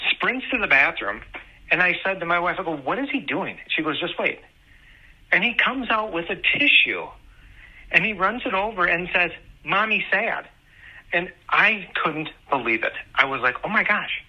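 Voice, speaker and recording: A young man talking casually about being a parent. He is sarcastic at first, then earnest, and tells lively anecdotes. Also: sits high, normal speed. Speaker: parent sharing on a podcast. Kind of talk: casual personal storytelling. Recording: muffled lo-fi audio.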